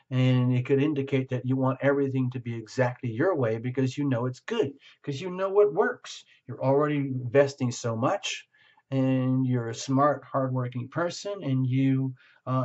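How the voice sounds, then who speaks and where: A man's voice: mid-range voice, darkish tone. Guy doing a tarot reading, rambly and blunt, muffled lo-fi sound. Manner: rambling, searching for words, frank. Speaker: tarot reader. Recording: slightly muffled lo-fi recording.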